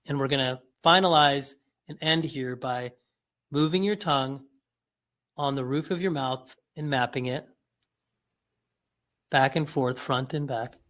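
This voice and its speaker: A man calmly guiding listeners through a breathing and mouth exercise, drawing out demonstration sounds as he coaches. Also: medium pitch, unhurried, long pauses. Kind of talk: guided exercise instruction.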